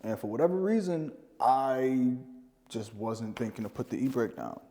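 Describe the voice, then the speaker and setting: A man's voice: mid-range voice, lively intonation, normal speed, warm tone. A man, a guest in a casual chat, telling stories with laughs and swearing. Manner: laughing, profane storytelling. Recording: reverberant room.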